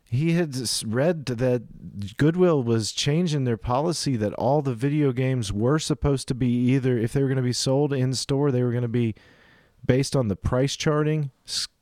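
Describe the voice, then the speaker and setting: A man's voice: medium pitch, moderate pace, mellow, no echo, studio quality. Man rambling through a shop story. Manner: rambling anecdotes with acted-out quotes. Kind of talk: casual chat, storytelling.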